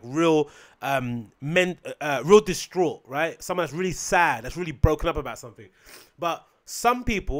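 A man hosting a solo podcast, rambling sarcastically and swearing freely, sometimes mocking others in shrill put-on voices. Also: fairly bright tone. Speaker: podcast host.

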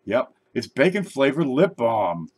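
A man's voice: medium pitch, big pitch swings, measured pace, dry recording. A man hosting his channel, chatting casually and joking while opening mail. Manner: joking, rambling, tall tales. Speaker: YouTube channel host. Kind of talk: casual unboxing chat.

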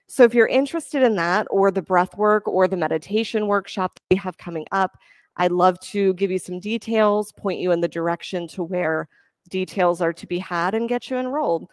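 A woman yoga instructor giving calm, encouraging cues for breath and poses during a class. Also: lowish voice, moderate pace, dry recording, clean studio sound.

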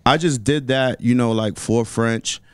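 Radio guest: New man, relaxed street slang, smooth low voice, dry studio mic. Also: a little slow, dry recording. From New York. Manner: laid-back slangy talk with many fillers. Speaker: rapper and songwriter guest. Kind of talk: casual radio interview.

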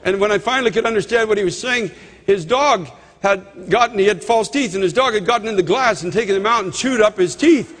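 High-pitched male preacher in a reverberant hall. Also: brisk, fairly bright tone. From Canada. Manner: preaching with sudden emphatic rises when quoting scripture. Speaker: pastor. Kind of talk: sermon.

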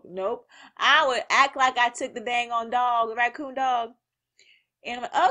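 Brief: woman, casual manga reader, animated and slangy, crisp bright tone. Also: a little high, a little slow. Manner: animated, slangy, laughs often. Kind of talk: reading manga aloud with reactions.

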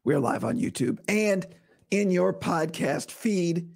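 A man with a hoarse, rough voice, recovering from vocal cord surgery, hosting a casual solo sports podcast in a blunt, opinionated way. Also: high-pitched, a little slow, a little mellow. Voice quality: rough, breathy voice dropping into whispers. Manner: blunt, opinionated, talks straight to listeners.

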